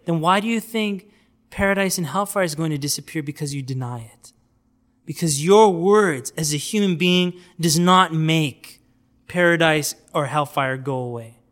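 A man giving an informal religious lecture on outreach, telling stories in a lively way and acting out the people he quotes. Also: a little high, normal speed. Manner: animated storytelling, acts out quoted voices. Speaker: Islamic preacher teaching outreach.

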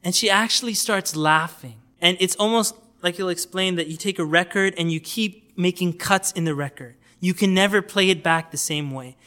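Bright, high-voiced male preacher. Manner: animated storytelling, acts out quoted voices. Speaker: Islamic preacher teaching outreach. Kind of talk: informal religious lecture.

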